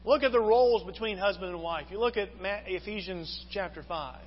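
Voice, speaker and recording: A man's voice: high-pitched, brisk, few pauses, slight background noise. A man preaching a sermon as a pastor, earnest and full of rhetorical questions. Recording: long hall reverb, dull lo-fi sound.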